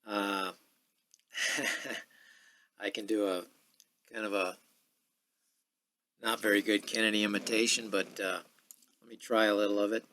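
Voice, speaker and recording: A man in his sixties hosting a podcast in a casual, rambling monologue full of filler pauses. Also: on the low side, level tone, bright, forceful tone. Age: 60s. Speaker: podcast host.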